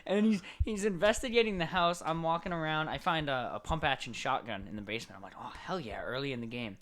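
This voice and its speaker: A young man co-hosting a casual podcast, telling game stories with lively acted-out voices. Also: fairly high pitch, fast talker. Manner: animated storyteller, acts out game characters. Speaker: podcast co-host. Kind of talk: casual chat.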